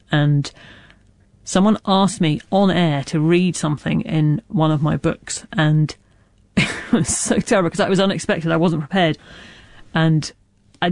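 A middle-aged woman author talks candidly in an interview, circling back with restarts and asides. She lives with a stammer, and her voice has a gravelly edge. The sound is dry and close. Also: low voice, a little mellow, no echo. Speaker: author guest. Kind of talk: reflective interview talk.

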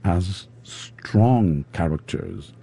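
A man with a Spanish accent, an opera singer interviewed in English, his second language, pausing often to search for words. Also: sits low, vocal fry, warm tone, husky. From Spain. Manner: halting, searching for words with fillers.

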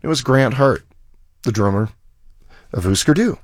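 A man's voice: mid-range voice, animated, normal speed, no echo. Rambling storyteller man, dry close sound. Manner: rambling anecdotes with restarts and acted quotes. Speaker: musician guest. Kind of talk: casual storytelling interview.

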